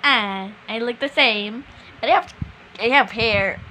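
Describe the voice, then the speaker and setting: A woman giving casual commentary on her own gameplay, exclaiming excitedly at whatever happens on screen. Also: fairly high pitch, measured pace, a little hiss or hum. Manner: excitable, exclaiming at the game as she plays. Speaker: gamer streaming her own play.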